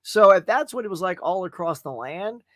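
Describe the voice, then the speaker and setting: A man's voice: high voice, animated, a little fast, a bit bright. Folksy man hosting a live movie stream. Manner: chatty and folksy, often calls viewers "y'all". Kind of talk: casual livestream chat with viewers.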